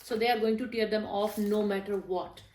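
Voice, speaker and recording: A woman's voice: medium pitch, steady tone, normal speed, a little mellow, a little hiss or hum. A young mother giving friendly, explanatory tips on reading to small children in a casual way, with some fillers. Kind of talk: casual instructional talk showing books. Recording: roomy echo.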